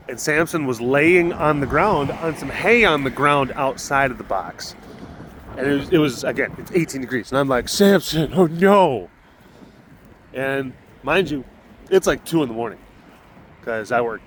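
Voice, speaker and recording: A man in a casual walking vlog outdoors at an animal facility, chatting in a rambling way and talking softly to the big cats. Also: medium pitch, slight background noise. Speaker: animal caretaker and vlogger.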